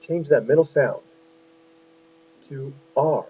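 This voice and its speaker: A man's voice: on the high side, slow, pauses often, husky. A man teaching a phonics lesson to young children, patient and encouraging, asking lots of questions. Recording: tinny lo-fi phone-like sound.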